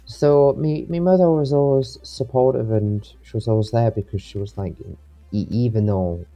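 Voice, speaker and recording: A man's voice: mid-range voice, normal speed, mellow, faint music behind. A young man, rambling with many restarts as an interview guest. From England. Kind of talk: casual interview.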